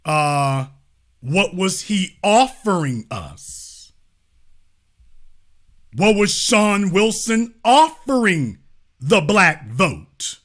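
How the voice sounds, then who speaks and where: A man's voice: high voice, big pitch swings, drawn-out words, long pauses, fairly bright tone. A man hosting his own political commentary show, talking in an emphatic, mocking way and repeating his lines for effect. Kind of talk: animated political commentary monologue.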